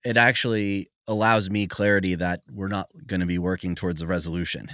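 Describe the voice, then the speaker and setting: A man hosting a podcast conversation, measured and explanatory, laying out his reasoning step by step. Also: low-pitched, steady tone, fairly bright tone, no room sound, studio quality. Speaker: podcast host.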